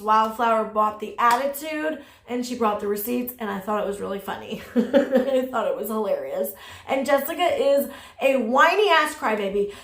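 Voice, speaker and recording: High voiced woman doing sassy blunt commentary, swears a lot, echoey room. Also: fairly bright tone. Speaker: commentary YouTuber. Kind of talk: casual drama commentary.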